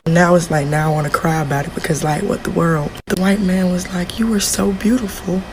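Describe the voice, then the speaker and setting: A woman's voice: on the low side, steady tone, fairly quick, noisy background. Upset young woman venting at work. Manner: upset, emotional retelling. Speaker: hotel front desk worker. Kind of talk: venting to camera. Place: at work, hotel front desk.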